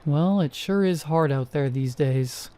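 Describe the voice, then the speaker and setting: A man voicing a middle-aged woman neighbor who talks in a flat, matter-of-fact way in a horror story reading. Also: on the high side, unhurried, lightly acted.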